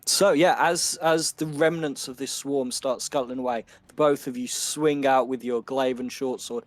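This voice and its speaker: A man narrating a tabletop game as game master, unhurried and loose, with many fillers. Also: medium pitch, dry recording.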